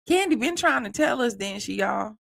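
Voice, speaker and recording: A man hosting a live stream, talking to viewers in a casual, animated way about reality TV clips. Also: very high voice, normal speed, creaky, background noise. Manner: animated, laughing, talks to viewers as "y'all". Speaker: host reacting to reality TV clips.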